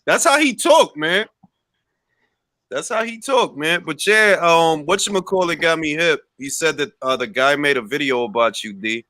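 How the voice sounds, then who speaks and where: A man hosts a boxing livestream with loose, slangy talk and frequent laughs. His voice is higher than most and bright, with a sharp edge. The sound is dry and close. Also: expressive, normal speed, no echo. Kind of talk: casual livestream chat.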